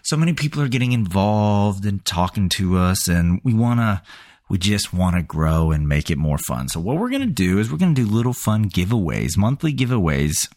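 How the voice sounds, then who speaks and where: A man hosts a comedy podcast in a playful, hammy style. His voice sits a little low but swings up and down with lively energy. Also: moderate pace. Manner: playful, hammy promo delivery. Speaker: podcast host.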